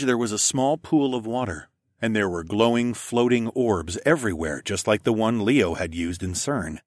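A man's voice: medium pitch, animated, moderate pace, no room sound, studio quality. A man reading a first-person story aloud in a casual, wry tone. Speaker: narrator.

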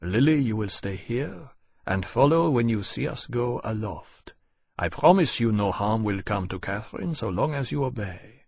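A man voicing a desperate French officer in an audiobook, speaking low and sharp. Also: animated, normal speed, creaky, slightly rough, no room sound, exaggerated voice. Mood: threatening.

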